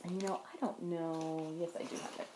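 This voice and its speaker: A woman's voice: on the low side, little pitch movement, fairly quick, warm tone, a little hiss or hum. A woman hosting a knitting video podcast, chatting casually and correcting herself as she shows her work to the camera. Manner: chatty, meandering, self-correcting while showing work to camera. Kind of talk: casual show-and-tell chat. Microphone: camera in front of her. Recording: roomy echo.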